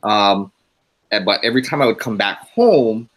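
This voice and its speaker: A man's voice: on the low side, animated, normal speed, a bit bright, low-quality recording. A man from Hawaii who grew up there, talking reflectively in a class discussion with fillers and restarts. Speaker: graduate student in a class webinar. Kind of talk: casual discussion.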